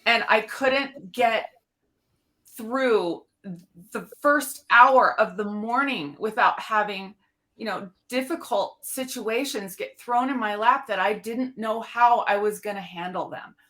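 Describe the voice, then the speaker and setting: Blunt older woman, fairly high voice. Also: slow pace, pushed and bright. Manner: blunt, emphatic, frank. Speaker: podcast co-host. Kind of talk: casual discussion.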